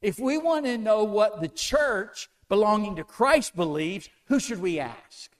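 A man's voice: sits high, animated, measured pace. A man preaching a sermon to a congregation, asking them one question after another with an emphatic delivery. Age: older.

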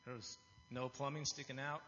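His level, mid-range voice moves at normal speed and sounds pushed and bright. He's a lay speaker giving an earnest, confessional testimony in church, repeatedly restarting phrases, recorded in a dull, reverberant hall with slight background noise.

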